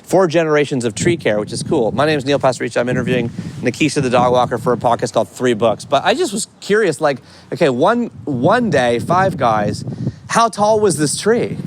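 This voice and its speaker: A man hosting a podcast while out on a walk, chatty and curious, telling stories and asking questions in quick bursts. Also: medium pitch, big pitch swings. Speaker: podcast host. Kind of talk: walking interview chat. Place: outdoors on a city street. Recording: street noise behind outdoor walk.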